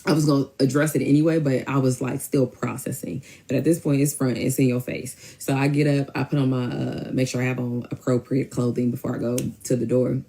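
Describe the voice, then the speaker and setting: A young woman casually telling a personal story, rambling and animated. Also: rumbling low, fairly quick, hardly any pauses. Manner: rambling, animated, switches into quoted voices.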